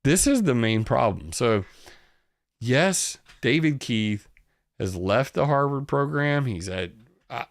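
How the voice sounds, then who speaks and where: A man's voice: mid-range voice, expressive, slow, dry recording. A man with a Southern US accent, hosting his own channel and giving rambling, sarcastic commentary, swearing freely. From Southern United States. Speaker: channel host. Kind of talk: casual commentary on news.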